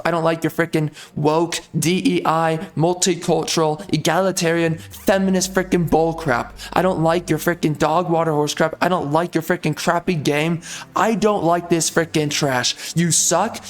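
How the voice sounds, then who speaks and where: A man with a fairly high voice delivers angry let's-play commentary. His talk is a furious, profane rant full of repeated insults, and game music plays faintly behind him. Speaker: gameplay commentator.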